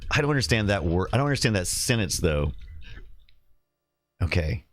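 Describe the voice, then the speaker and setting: A man's voice: fairly low pitch, very animated, moderate pace, a bit bright, a little hiss or hum. A man hosting a casual retro computer livestream, rambling and correcting himself as he reads the chat. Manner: rambling, self-correcting, reads chat and game text aloud.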